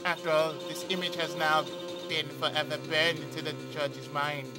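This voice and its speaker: A man with a high voice plays through a game, reading its dialogue aloud and talking himself through the puzzle. He corrects himself as he goes and cracks jokes. Game music plays clearly under his voice. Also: level tone, moderate pace. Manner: thinking aloud, self-correcting, joking. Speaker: let's play commentator.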